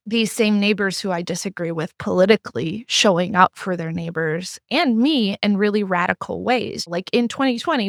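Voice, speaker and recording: A woman's voice: medium pitch, a bit bright, no room sound, clean studio sound. A middle-aged woman talking candidly as a guest writer, telling stories and acting out what people said to her. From not from the Midwest. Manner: candid storyteller who acts out quoted exchanges. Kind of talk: casual podcast conversation.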